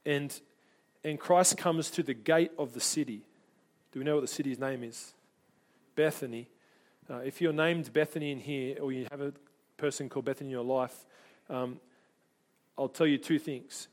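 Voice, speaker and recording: A man's voice: mid-range voice, normal speed. A man preaching a sermon to his congregation, earnest and conversational, often repeating words as he restarts. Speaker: pastor.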